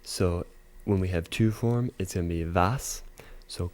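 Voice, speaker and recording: A man teaching a casual video lesson, explaining step by step with frequent fillers and slowly repeating example phrases. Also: deep voice, darkish tone. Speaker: language teacher.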